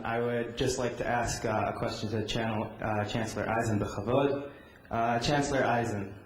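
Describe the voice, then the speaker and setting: A man's voice: medium pitch, a little mellow, slight background noise. A young man, a student, asking the panel a polite, slightly hesitant question. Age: young adult. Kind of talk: audience question at a conference. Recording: echoey conference hall.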